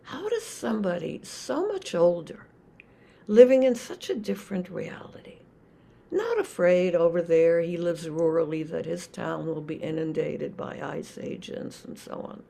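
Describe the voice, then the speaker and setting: An older woman gives a dharma talk as a Zen teacher, her voice low and gravelly. She speaks reflectively, stopping, restarting and searching for her words. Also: animated, unhurried, mellow.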